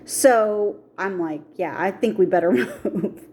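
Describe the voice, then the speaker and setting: Speaking in a mid-range voice at a measured pace, this middle-aged vlogger shares a story from her own life, with slight background noise. She animatedly performs the voices of anyone she quotes.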